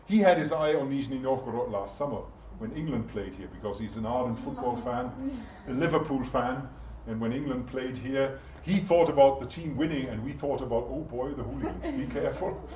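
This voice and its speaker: A man lecturing a university class in a relaxed, chatty way, stopping often to put questions to the students. He sounds distant in an echoey lecture room, and the recording is dull and muffled. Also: medium pitch, a little fast, hardly any pauses, slight background noise. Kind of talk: interactive lecture.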